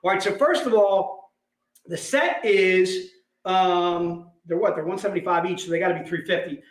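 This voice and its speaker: A man hosting a livestream and selling collectibles, talking in an excitable, joking way. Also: high voice, moderate pace. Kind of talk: livestream sales pitch. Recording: echoey room.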